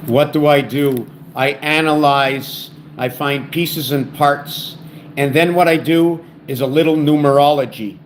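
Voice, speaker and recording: A man runs his own video channel, explaining theories about words and numbers in a rambling solo talk, stumbling, restarting words and thinking aloud. His voice sits on the high side with fairly even intonation and a measured pace. It's recorded on a home camera setup with a little hiss or hum.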